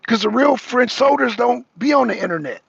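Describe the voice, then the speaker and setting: A man's voice: very high voice, lively intonation, fairly quick, gravelly, breathy edge, no room sound, dull audio. An American man, a talk show host, ranting profanely in a heated political monologue, raising his voice and repeating himself. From United States. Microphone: streaming microphone.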